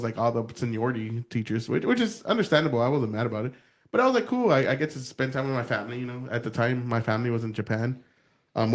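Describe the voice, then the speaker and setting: A man hosting a casual political podcast, rambling and swearing freely as he tells stories. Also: medium pitch. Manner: profane, rambling, animated storytelling. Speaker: podcast host.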